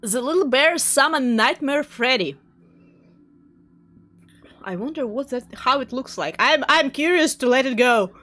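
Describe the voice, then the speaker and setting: High, lively-voiced woman streamer. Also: unhurried, pauses often. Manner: excitable, laughs often, jumpy. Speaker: game streamer. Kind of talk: live gameplay commentary.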